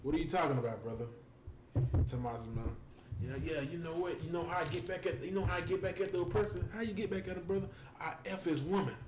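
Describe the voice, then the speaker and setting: A man hosting a stream, telling stories in a casual, animated and joking way. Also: a little high, quick pace. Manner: animated, joking, full of fillers. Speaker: host. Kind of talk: casual storytelling and preaching on a stream. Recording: echoey room with faint noise.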